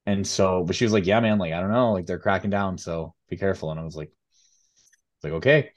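A young podcast co-host, who also coaches high school tennis, tells a story in a laid-back, casual chat full of fillers and laughs. His voice is low with fairly even intonation and a little fast, and the recording's highs are cut off.

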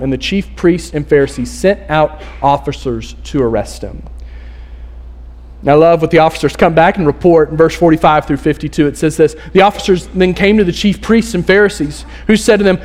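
A man delivering a sermon from the pulpit with a high, light voice. He speaks casually and with lots of energy, slipping into the voices of the people in the story as he tells it. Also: a little mellow. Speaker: pastor. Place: church.

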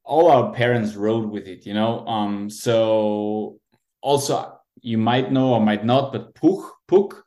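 A man's voice: fairly low pitch, fairly even intonation, slow, a little mellow. A man, a podcast guest talking in a hesitant, easygoing way. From Austria. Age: 30s. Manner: hesitant, many fillers and restarts, easygoing. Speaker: guest, moped club president. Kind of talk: casual podcast interview.

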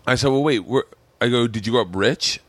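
Male host, mid-pitched, rambling anecdotes, dead-dry studio sound. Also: brisk, dry recording. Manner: rambling storyteller, voices others in quotes. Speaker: podcast host. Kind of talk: casual chat. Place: small room.

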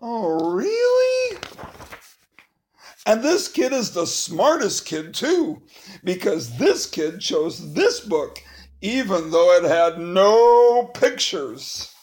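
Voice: mid-range voice, big pitch swings, slow, darkish tone. A reader performing a children's book aloud, playful and mock-protesting, with exaggerated outbursts.

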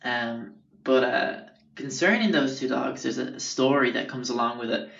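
A man's voice: mid-range voice, normal speed, creaky, fairly bright tone. A young man with an Irish accent tells stories from his life in a rambling, sweary way with lots of fillers. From Ireland. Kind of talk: casual storytelling. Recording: roomy, distant, dull sound.

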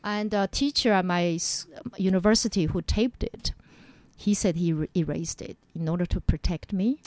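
Speaking at a moderate pace in a lowish voice, this woman is a guest in an interview, recounting personal history. She brings the story to life by voicing the quotes loudly and animatedly.

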